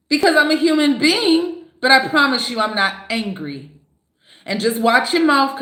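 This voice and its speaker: A woman hosting a live reaction stream, reading viewers' comments aloud and answering them in an animated, talkative way. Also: mid-range voice, reverberant. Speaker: livestream host.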